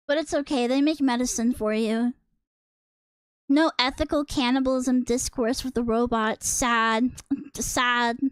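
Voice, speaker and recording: Woman, high voice, dry close sound, teasing rambling live-stream chat. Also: smooth, no room sound. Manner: playful, teasing, rambling with many fillers. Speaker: VTuber streamer.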